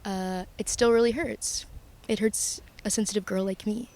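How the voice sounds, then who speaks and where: A young woman talking through her feelings in a confessional vlog, earnest and emotional, halting with pauses and restarts. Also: medium pitch, steady tone, darkish tone. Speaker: vlogger.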